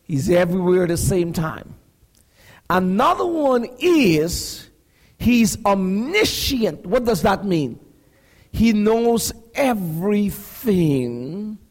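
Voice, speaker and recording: Gravelly preacher man shouting sermon. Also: high voice, big pitch swings, slow pace. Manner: preaching with rising shouts and call-and-response questions.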